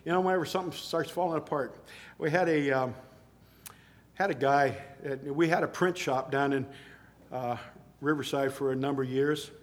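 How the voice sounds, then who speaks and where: A man's voice: mid-range voice, moderate pace. A middle-aged man preaching a sermon in a conversational way, telling stories and rising to emphatic exclamations.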